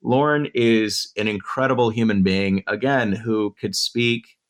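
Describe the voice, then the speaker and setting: A man interviewed as an author and educator in the Durham area lays out his points in order, earnest and thoughtful, in a conversational interview. His voice is fairly low, with fairly even intonation and a measured pace.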